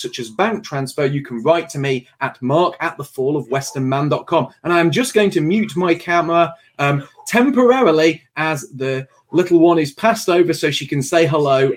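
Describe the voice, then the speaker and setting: A man hosting a livestream show, making earnest announcements and chuckling now and then. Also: a little high.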